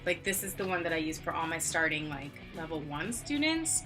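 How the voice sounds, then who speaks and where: A woman's voice: sing-song, a little fast, music in the background. A woman in her thirties, an online English teacher, chatting casually on camera in a filler-heavy way and acting out classroom moments. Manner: chatty, filler-heavy, acts out classroom exchanges in high playful voices. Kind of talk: casual vlog explanation.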